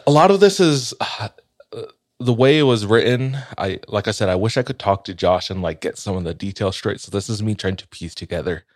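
A man with a very deep, low voice tells a spooky tale in a relaxed, rambling way, full of fillers and restarts. At tense moments he sinks to a near hush. The sound is close and dry, with no room echo. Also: brisk. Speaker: storyteller in a podcast-style chat. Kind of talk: casual retelling of a ghost story.

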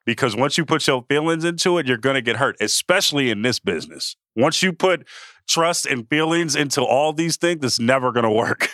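A man co-hosts a sports podcast, chatting loosely and trailing off with fillers in a medium-pitched, expressive, fairly bright voice that runs a little fast. The recording is dry, with clean studio sound.

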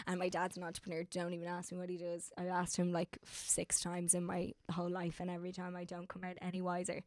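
A woman's voice: fairly low pitch, monotone, normal speed, clear, resonant tone, no echo, clean studio sound. A young woman actor talking in a casual interview, emotional and rambling, with many fillers and restarts.

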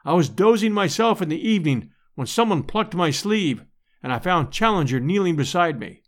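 A man reading an adventure audiobook in a measured, expressive storytelling manner. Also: sits high. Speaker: audiobook narrator. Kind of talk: audiobook narration.

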